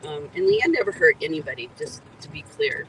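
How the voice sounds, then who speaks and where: A deep, briskly paced voice with big pitch swings comes through a low-quality recording with a little hiss or hum. It belongs to a middle-aged woman, an EMT and grieving mother, who earnestly recounts details and points out spots from a parked roadside car in an emotional first-person account.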